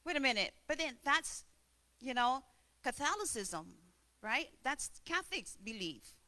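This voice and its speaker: A woman voicing a grieving young widowed mother who speaks softly and hesitantly. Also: sits high, very animated, measured pace, exaggerated voice. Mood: troubled.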